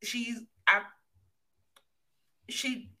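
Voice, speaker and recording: A woman's voice: on the high side, fairly even intonation, very slow, bright, forceful tone. A woman hosting a livestream chat over a video call, enthusiastic and affirming with her guest. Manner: enthusiastic, affirming, laughs easily. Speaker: host. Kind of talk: casual chat.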